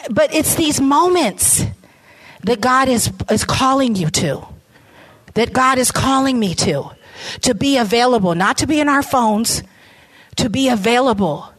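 Impassioned woman giving a testimony talk. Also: on the high side. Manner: impassioned, repeats phrases, emotive. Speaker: ministry founder speaking to an audience.

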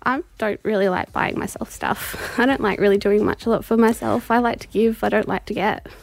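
A woman's voice: mid-range voice, fairly even intonation, a little fast, creaky, dry recording. A woman from South Australia, giggly and modest, chatting emotionally on the radio as a contest winner.

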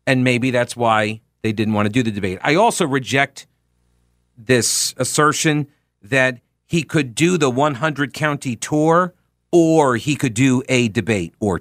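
A man hosting a political talk radio show, talking in an animated, sardonic and emphatic way into a studio microphone. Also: mid-range voice, dry recording. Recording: dry studio sound.

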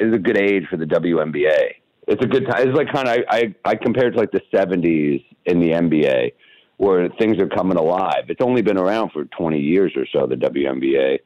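Low-voiced man telling wry stories. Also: no room sound, highs cut off. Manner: wry, lively anecdotes with quoted asides. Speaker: comedian guest. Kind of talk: storytelling on a radio podcast. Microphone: studio microphone.

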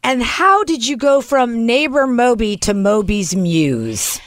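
Bubbly high-voiced woman host. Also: very animated, slow pace, dry recording. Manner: bubbly, eager questions, frequent laughs. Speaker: radio host. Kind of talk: casual interview.

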